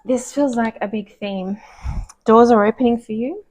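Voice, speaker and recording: A woman giving a casual, rambling tarot card reading, gushing and soft-spoken, sometimes dropping to a whisper. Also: a little high, normal speed. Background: dogs barking.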